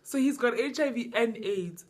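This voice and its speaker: A young woman with a South African accent runs a casual chat on her vlog. She sounds bubbly and quick to laugh, her voice a little higher than most. She talks over her guests freely. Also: expressive. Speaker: vlog host.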